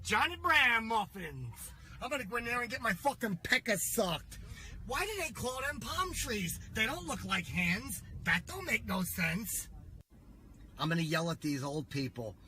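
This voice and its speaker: A man putting on the voice of a crude, vulgar loudmouth who rambles and yells at strangers. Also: very high voice, very animated, moderate pace, full character voice. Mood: rowdy ranting. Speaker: podcast co-host.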